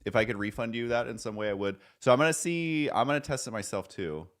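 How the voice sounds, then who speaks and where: A man's voice: mid-range voice, fast, fairly bright tone. A man streaming live, chatting casually and rambling, joking at his own expense and swearing now and then.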